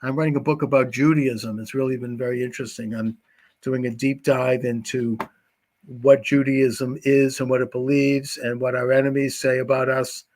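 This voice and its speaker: A man's voice: medium pitch, flat delivery, moderate pace, a little mellow. A man hosting a live talk show, thanking his guest and chatting through plugs in an affable way.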